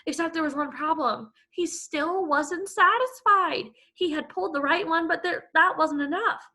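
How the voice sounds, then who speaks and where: A woman teacher reading a chapter book aloud to her class, with expressive storytelling. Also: extremely high pitch, normal speed.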